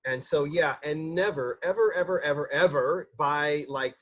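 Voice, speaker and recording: A man's voice: on the high side, normal speed, fairly bright tone. A man, a chef, giving a casual cooking demonstration in a loose, chatty way with lots of fillers and restarts.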